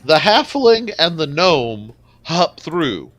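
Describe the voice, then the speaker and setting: Narrate as a man running the table: high and bright, unhurried, casual and cussing. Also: very animated, no echo. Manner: loose, profane and joking. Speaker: game master.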